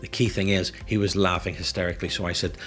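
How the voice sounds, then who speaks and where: A man's voice: deep voice, flat delivery, quick pace, a bit bright, soft background music. A middle-aged man, a hypnotist, talking through a tutorial in a casual, explanatory way. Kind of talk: tutorial commentary.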